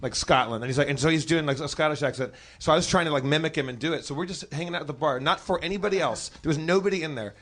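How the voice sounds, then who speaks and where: A man guesting on a live comedy podcast, telling animated, profane anecdotes full of stumbling restarts. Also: on the high side, very fast, few pauses. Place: stage before a live audience.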